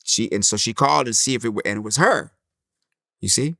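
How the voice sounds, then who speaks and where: A middle-aged man, a comedian guest in an interview, telling his story in a lively way and acting out the people he quotes. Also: medium pitch, brisk, vocal fry, no echo, studio quality. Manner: animated storyteller, acts out quotes.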